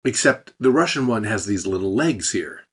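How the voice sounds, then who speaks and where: A man teaches a language lesson in scripted narration, his voice a touch husky. His pitch moves a lot as he explains each point and drops the odd dry joke. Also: animated, moderate pace. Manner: explanatory, with light dry jokes.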